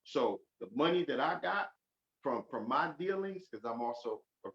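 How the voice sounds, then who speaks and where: A man gives a fervent testimony on a podcast, swinging from quiet asides to loud emphatic peaks. His voice sits in a roomy space. The sound is dull and lo-fi. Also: medium pitch, expressive, moderate pace. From Oakland. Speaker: podcast guest.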